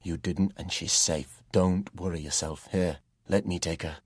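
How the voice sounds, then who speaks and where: A man voicing an angry young farmer, the protagonist's older brother, shouting at a younger sibling in a storybook reading. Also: low voice, steady tone, measured pace, slightly rough, no room sound, clean studio sound. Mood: calmer. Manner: shouting, loud and strained.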